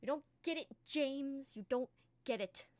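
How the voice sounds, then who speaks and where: A woman's voice: fairly high pitch, lively intonation, fast, no echo, pitched above the performer's own voice, lightly acted. A woman voicing an anxious, stern councilwoman who panics and insists, repeating herself. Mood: insistent.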